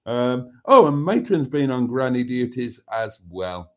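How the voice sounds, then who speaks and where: Man from Wales with a Birmingham accent, casual and jokey livestream host, frequent throat-clearing. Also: mid-range voice, very animated, a little slow. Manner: chatty and jokey, clears his throat often. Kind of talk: casual livestream chat reading viewer comments.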